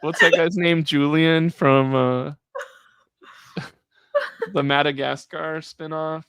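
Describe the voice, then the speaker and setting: A man's voice: fairly high pitch, steady tone, slow, vocal fry, fairly bright tone, smooth, no room sound. A man co-hosting a reality TV recap livestream, chatting casually and mimicking people as he retells scenes. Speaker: co-host of a reality TV recap show.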